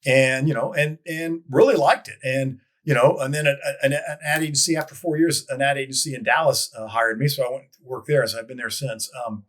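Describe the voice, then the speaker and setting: A man telling stories as a guest in a casual interview, rambling with frequent restarts and lively quoted voices. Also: mid-range voice, brisk, few pauses. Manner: rambling with many restarts, animated quoting. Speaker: guest, advertising copywriter. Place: lives in Dallas.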